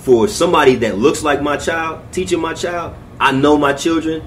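A man's voice: a little high, moderate pace, a little hiss or hum. Reflective, plainspoken man on a podcast. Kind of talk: casual chat.

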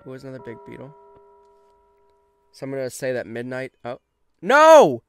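A young man hosting a let's play, chatting casually and getting quickly frustrated, mocking himself as he goes. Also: medium pitch, flat delivery, gravelly, darkish tone, a little hiss or hum. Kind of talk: casual gameplay commentary.

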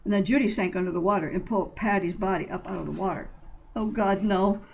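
A woman reading a short story aloud in a plain, steady way with occasional slips. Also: on the low side, racing, gravelly, a little hiss or hum, rough recording. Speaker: narrator.

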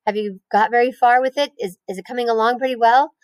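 A woman's voice: on the high side, fairly even intonation, fast, no room sound, voice pushed up, lightly acted. A young, nervous pig as a woman puts him on while reading aloud, eager and pleading in his questions. His voice is lifted a bit above the reader's own, in a dry, close storybook recording.

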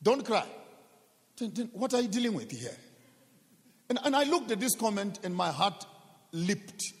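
Preacher with a high voice in a hall. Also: male voice, big pitch swings. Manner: emphatic, rhetorical questions, repeats words, drawn-out stresses. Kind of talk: sermon. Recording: long reverb of a large hall.

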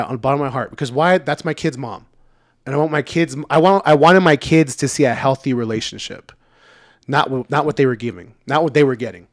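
A mid-range male voice, dry and studio-quality: a podcast regular in his thirties having a casual chat. He talks candidly and easily, leaning on fillers and now and then swearing.

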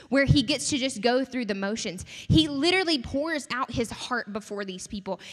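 A young woman giving a conversational, animated sermon to a campus group, often asking the audience questions. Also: a little high. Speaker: campus ministry speaker. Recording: long hall reverb.

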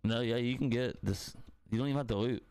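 Young man, gravelly, rapid, profane joking banter, headset, gaming chat. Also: mid-range voice, darkish tone. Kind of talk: casual party-chat banter.

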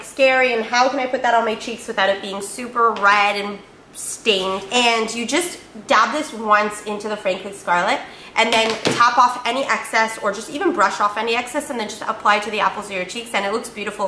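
A woman's voice: fairly high pitch, pushed and bright, echoey room, a little hiss or hum. A woman beauty vlogger chatting casually through a product review, upbeat and full of fillers and repeated words.

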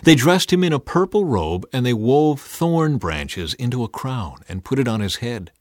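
A man reading the Bible aloud in a scripted, expressive and dramatic way. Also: medium pitch, moderate pace, dry recording, clean studio sound. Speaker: Bible reader.

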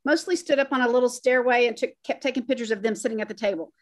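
A woman's voice: fairly high pitch, quick pace. A middle-aged woman, a fan guest, casually sharing memories in a reminiscing way on a video call. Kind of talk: casual remembrance chat.

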